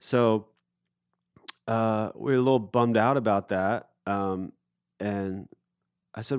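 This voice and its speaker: A man's voice: lowish voice, slow pace, pauses often, clear, resonant tone, no echo. Appalachian musician guy spinning a yarn, dry mic, um-heavy and easygoing. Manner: relaxed anecdotal, with fillers and acted-out quotes. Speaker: musician guest. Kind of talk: casual interview storytelling. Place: festival recording booth.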